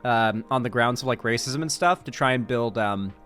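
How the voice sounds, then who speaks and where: A man's voice: medium pitch, normal speed, a bit bright, clean tone, faint music behind. A young man from Florida giving casual, sarcastic commentary on political news clips. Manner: chatty, sarcastic asides, puts on mock Southern voices.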